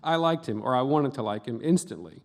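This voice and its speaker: A middle-aged man reading his own memoir aloud at a book festival, delivering dark comic lines deadpan and breaking off for brief offhand asides. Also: medium pitch, fairly quick. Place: book festival event before an audience.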